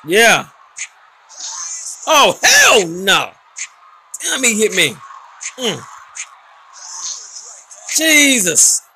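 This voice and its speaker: A man hosting a gaming channel, giving loud, excitable commentary and trash talk while playing, with announcer-style hype. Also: sits high, very slow, long pauses, slight background noise. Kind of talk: live gameplay commentary.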